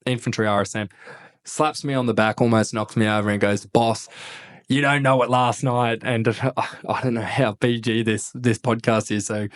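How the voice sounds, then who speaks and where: A man in his thirties with an Australian accent, a former army officer telling stories in a casual podcast interview, animated and laughing, swearing freely. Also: medium pitch. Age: 30s. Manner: animated, laughing, swears a lot, acts out quotes.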